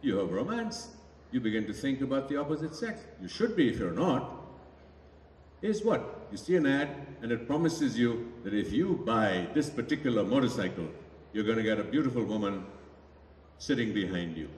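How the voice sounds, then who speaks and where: A man's voice: medium pitch, normal speed. A man from India answering audience questions at a summit in a reflective, anecdotal manner. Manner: reflective, anecdotal, lively delivery. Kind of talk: public talk Q&A. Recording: echoey hall from far off, faint noise.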